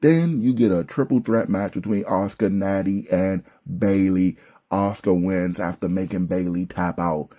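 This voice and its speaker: A man's voice: low-pitched, normal speed, dark tone. A young man ranting bluntly about a wrestling show, exasperated and profane, with slangy asides. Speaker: wrestling commentary vlogger.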